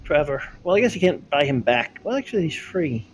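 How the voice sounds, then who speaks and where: A man's voice: a little high, sing-song, fast, breathy edge, muffled recording, faint music behind. Guy cracking dry jokes while playing a strategy game with a friend. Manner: dry joking asides. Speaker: let's play co-host. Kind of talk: casual gaming chat.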